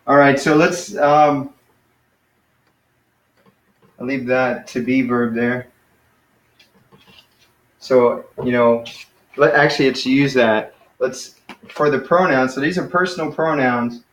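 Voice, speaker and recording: Man, relaxed hesitant teacher, mid-pitched voice, roomy echo. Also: slow, pauses often. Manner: relaxed, hesitant, many fillers. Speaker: Greek teacher. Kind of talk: casual classroom teaching.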